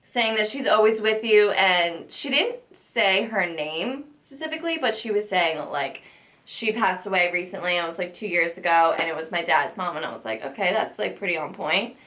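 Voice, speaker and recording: A woman's voice: on the low side, animated, moderate pace, fairly bright tone. A young woman recounting a story to a friend in casual chat, rambling with lots of "like". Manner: rambling, lots of filler likes. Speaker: guest friend.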